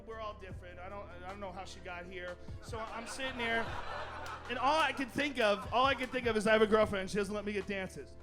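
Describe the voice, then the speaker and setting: A man doing stand-up, telling a crude story in an animated way and acting out the characters. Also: high-pitched, quick pace, music in the background. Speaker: stand-up comedian.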